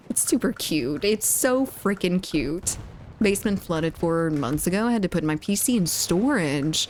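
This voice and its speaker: A woman's voice: lowish voice, animated, normal speed, darkish tone, slight background noise. A woman streaming a game, chatting casually and giggling as she reads chat aloud.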